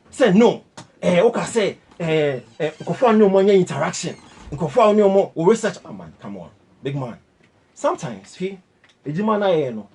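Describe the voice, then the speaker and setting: Ghanaian male panelist, critical and lecturing, husky with a lively pitch. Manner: critical, lecturing, mixes English and Twi. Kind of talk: heated panel discussion.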